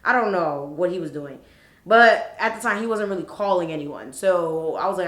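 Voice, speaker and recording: A woman in her twenties telling a story on a vlog in an animated, profane, expressive way. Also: lowish voice, normal speed. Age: 20s. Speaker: vlogger. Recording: roomy echo.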